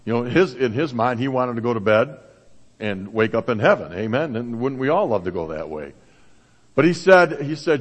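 A middle-aged man giving a church eulogy for his son, halting and restarting, with preacher-like asides to the congregation. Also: mid-range voice, expressive. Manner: halting, with many restarts and fillers. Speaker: father speaking at his son's memorial. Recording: echoey hall.

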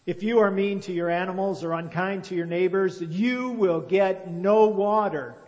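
A man voicing a harsh, fault-finding male water keeper in a read-aloud story, loud and commanding. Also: high voice, a little slow, big-room sound, highs cut off. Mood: stern.

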